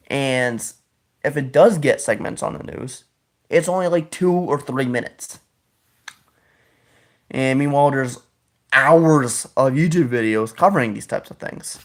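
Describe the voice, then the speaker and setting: A male podcast host delivers a loose, opinionated monologue at a mid-range pitch. He rambles from point to point, often restarting sentences and correcting himself as he goes. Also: unhurried, pauses often. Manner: opinionated, politically outspoken.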